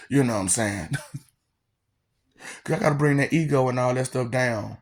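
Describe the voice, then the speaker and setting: A man's voice: mid-range voice, a little slow, long pauses, darkish tone. A man giving a rambling, mocking rant to his audience, laughing often between lines and repeating phrases. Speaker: vlogger.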